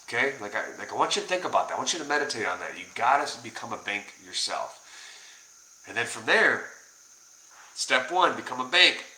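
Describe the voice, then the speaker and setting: A man talking casually to camera as a personal finance vlogger, energetic and rambling, coaching viewers with lots of fillers and restarts. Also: medium pitch, brisk, echoey room, rough recording. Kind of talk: casual direct-to-camera talk.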